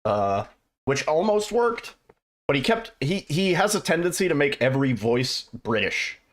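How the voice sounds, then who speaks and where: A man's voice: on the high side, normal speed. Rambling, laid-back male streamer. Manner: rambling, relaxed, casually profane, answers chat. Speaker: livestreamer and speedrunner. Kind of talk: casual livestream chat.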